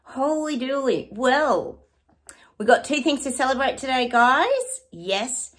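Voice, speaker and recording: A woman's voice: on the high side, normal speed. A woman, hosting her own psychic channel and chatting casually and effusively to her viewers.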